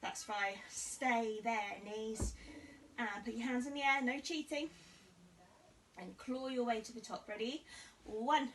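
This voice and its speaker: Woman, kids' fitness instructor, high bright voice, slow and sing-song, a bit far from the mic. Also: fairly even intonation, a little hiss or hum. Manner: cheerful, coaxing, sing-song cues to young children. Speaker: children's martial arts instructor. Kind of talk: kids' exercise class led to camera.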